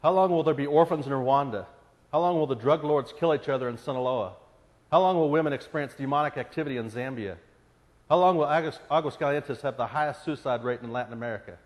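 Earnest preacher in a reverberant hall. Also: male voice, mid-range voice, quick pace. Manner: earnest, rising to pleading intensity on repeated questions. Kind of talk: sermon.

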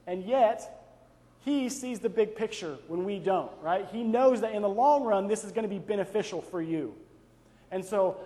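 In a large hall with long reverb, a young man speaks in a slightly mellow voice that sits high. His devotional talk is conversational, full of stories from his own life and regular "right?" asides.

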